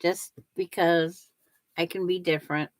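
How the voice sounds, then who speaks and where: Slow, chatty older woman quilting. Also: fairly low pitch, steady tone. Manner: chatty, answers viewers and talks herself through each step. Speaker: quilting livestream host. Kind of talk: casual chat while sewing.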